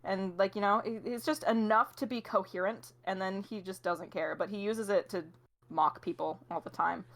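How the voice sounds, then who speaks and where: A young woman, a guest on a podcast, chatting casually and explaining her game design in a relaxed way. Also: mid-range voice, moderate pace. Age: young adult. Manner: relaxed and explanatory, laughs often. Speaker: guest, indie game developer. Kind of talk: casual interview chat.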